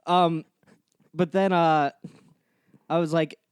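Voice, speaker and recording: A young man hosting a casual podcast, telling deadpan stories and laughing often. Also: a little high, takes it slowly, smooth, no room sound. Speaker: podcast host. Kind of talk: casual chat.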